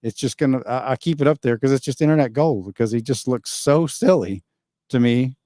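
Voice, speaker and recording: A man's voice: mid-range voice, a little fast, dark tone, no room sound, clean studio sound. A man hosting a casual livestream, reading viewer comments and giving rambling, opinionated answers with frequent chuckles. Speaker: livestream host reading chat.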